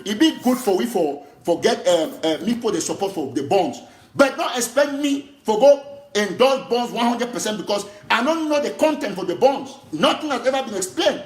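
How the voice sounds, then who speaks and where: Cameroonian activist, a man with a high voice, in an impassioned political monologue recorded in an echoey room. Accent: Cameroonian Pidgin English. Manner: impassioned, emphatic, repetitive.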